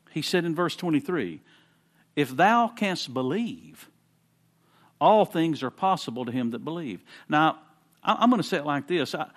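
A man preaching to a congregation with a slightly high, very lively voice. He talks in a conversational way and repeats words as he goes. He drops quiet for explanation and rises fervent for emphasis. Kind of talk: sermon.

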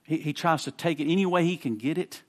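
Quick-paced and on the higher side, a man's voice delivers a conversational sermon, frequently repeating words as he alternates between calm explaining and impassioned emphasis.

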